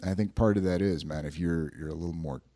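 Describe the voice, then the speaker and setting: Brief: male podcast host, very low voice, relaxed and rambling, dry mic. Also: quick pace, dry recording. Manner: musing, laid-back, trails off in filler. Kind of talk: casual podcast chat.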